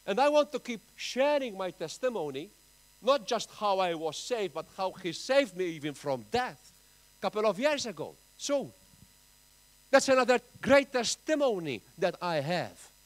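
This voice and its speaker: A man with a Maltese accent preaching a sermon in church, emphatic, with big swings in pitch and loudness. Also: sing-song, moderate pace, low-quality recording. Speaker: pastor.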